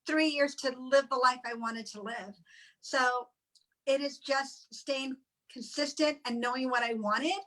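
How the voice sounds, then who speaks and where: A woman sharing an emotional personal testimonial in halting, tearful speech with many restarts. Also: high voice, pushed and bright, poor audio. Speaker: guest sharing weight-loss story.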